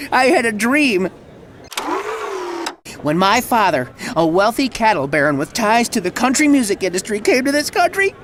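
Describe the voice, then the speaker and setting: A man's voice: extremely high pitch, fairly bright tone, heavily acted. A blustering Southern good old boy. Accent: American Southern. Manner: bombastic, folksy, swinging from ranting to sheepish. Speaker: country music promoter. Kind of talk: video game voice acting.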